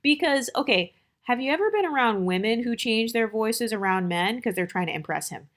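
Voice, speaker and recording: A woman's voice: on the high side, animated, brisk, a bit bright. Blunt, opinionated American woman host. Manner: blunt, opinionated, conversational with many fillers. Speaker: channel host. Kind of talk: casual advice monologue.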